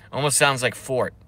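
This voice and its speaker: On a casual live stream, a man with a medium-pitched, bright, forceful voice rambles and swears while reading chat aloud. He laughs a lot, keeps interrupting himself, and drags out trailing filler sounds.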